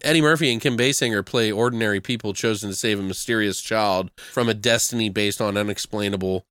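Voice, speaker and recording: A man's voice: lowish voice, a little fast, fairly bright tone, clear, resonant tone, dry recording, clean studio sound. A man co-hosting a movie podcast, talking casually and joking, swearing freely as he riffs. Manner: laid-back, swears freely, jokes and riffs. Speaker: podcast co-host reviewing movies. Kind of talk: casual chat.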